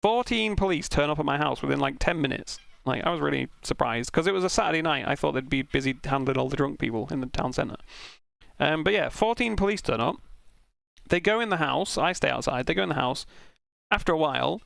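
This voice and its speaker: A young man casually telling an animated, sweary anecdote while streaming a sim race. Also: a little high, a little fast, creaky, no room sound. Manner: animated, swearing, self-mocking anecdote with laughs.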